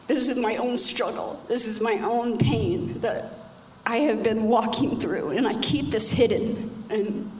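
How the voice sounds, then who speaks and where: A woman's voice: a little high, measured pace, hardly any pauses, a little mellow. A middle-aged woman giving an emotional personal testimony at church, emphatic and repeating her phrases. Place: church hall. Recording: echoey hall with faint background noise.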